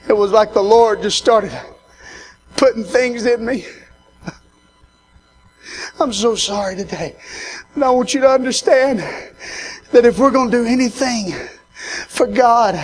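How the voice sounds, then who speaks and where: A man, preaching a sermon as pastor, swinging from shouted climaxes to hushed, personal storytelling. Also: extremely high pitch.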